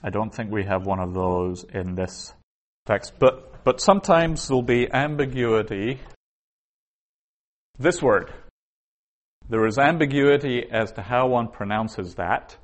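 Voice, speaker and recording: A man teaching a class, explaining reading points patiently and methodically, with small restarts. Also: fairly low pitch.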